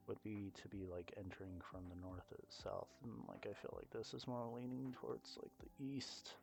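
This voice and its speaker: Low-voiced gamer guy rambling through his let's play, lots of ums and likes, soft music underneath. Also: creaky. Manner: chatty, digressive, self-mocking, many fillers. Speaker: gaming YouTuber.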